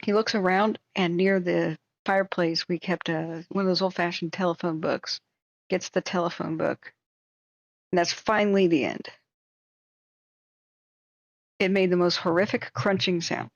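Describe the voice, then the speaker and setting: A woman hosting a livestream, telling a rambling story in a casual, animated way, acting out what people said. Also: lowish voice, normal speed, dry recording, dull audio. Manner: animated, rambling, acts out quotes with shrieks and laughs. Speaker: livestream host.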